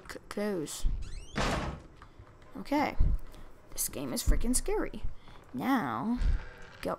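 A woman's voice: mid-range voice, a little hiss or hum. A woman doing horror game commentary, jumpy and frightened, screaming and talking back to the game. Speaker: let's play gamer.

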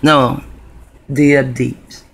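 A man's voice: medium pitch, flat delivery, drawn-out words, vocal fry, a bit bright, slightly rough. A man telling a personal story to camera in a rambling, profane, conspiratorial way. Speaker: video blogger.

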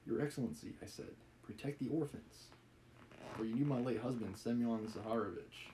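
A man's voice: mid-range voice, normal speed, warm tone, a little hiss or hum, close to an everyday voice, rough recording. A man reading a novel aloud, voicing a frantic, proud, impoverished widow in a lofty, pleading manner.

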